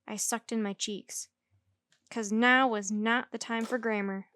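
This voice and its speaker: A woman storyteller reading a children's book aloud in lively first-person narration. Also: a little high, unhurried, no echo. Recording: dry close recording.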